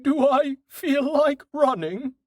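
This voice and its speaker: A man voicing a clever, playful male horse in an audiobook, in a high, drawn-out, teasing voice. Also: lively intonation, darkish tone, no room sound, studio quality, full character voice.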